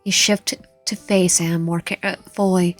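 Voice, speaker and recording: A woman's voice: fairly low pitch, little pitch movement, measured pace, faint music behind. A woman reading a romance visual novel aloud, with frequent slips and self-corrections. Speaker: gaming channel host.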